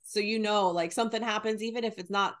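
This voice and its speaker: A woman's voice: mid-range voice, fairly even intonation, fast talker, a bit bright. Woman co-host, casual podcast chat, laughs a lot, mimics phrases. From New Jersey and New York. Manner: chatty, laughs often, imitates phrases.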